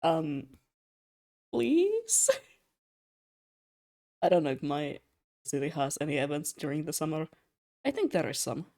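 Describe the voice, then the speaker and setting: Speaking briskly in a mid-range voice, this young adult streamer draws while chatting casually. The stories wander, full of fillers and side comments, and the animated delivery is punctuated by frequent laughter.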